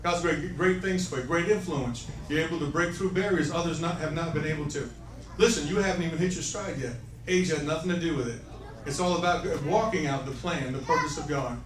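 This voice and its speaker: Amid crowd noise, a male evangelist with a slightly high voice speaks briskly, prophesying over individuals in a church conference hall. He's playful and emphatic, often saying "listen" and laughing between points, heard through a far-off mic in an echoey hall.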